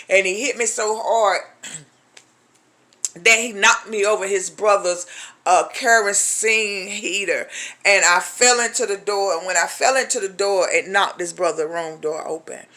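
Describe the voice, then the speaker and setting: A woman from a ministry, with a mid-range, bright, forceful voice and a slightly slow pace, shares her personal testimony. She's emphatic and colloquial, calls listeners "honey," and acts out the voices of people in her story.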